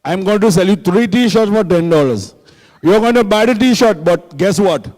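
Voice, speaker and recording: A man's voice: fairly high pitch, moderate pace, darkish tone, lightly acted. A man voicing a cheeky male T-shirt seller in a stand-up comedy bit, teasing the crowd.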